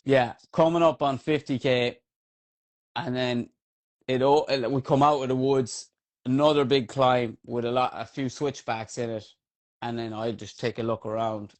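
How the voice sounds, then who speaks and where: An Irish trail runner speaks at normal speed in a mid-range voice, recounting a race on a podcast. His tone is lively and informal, peppered with fillers and profanity.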